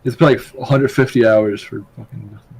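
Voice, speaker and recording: Chill young dude cohosting, mid-pitched voice, laughs a lot, swears casually. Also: male voice, steady tone, brisk, vocal fry, a little mellow, slightly rough. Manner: laid-back, laughs often, swears casually. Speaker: podcast co-host. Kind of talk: casual podcast chat.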